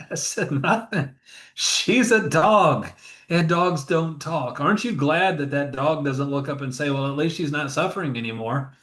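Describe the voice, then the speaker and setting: A man, a grief counselor being interviewed, telling stories in an earnest, emotional way. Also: mid-range voice. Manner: earnest, emotional, retells scenes with acted quotes. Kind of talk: storytelling interview talk. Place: funeral home.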